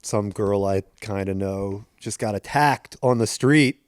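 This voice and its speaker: A man's voice: fairly low pitch, measured pace, smooth, no echo. A man co-hosting a casual comedy podcast, trading wry sarcastic quips. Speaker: podcast co-host.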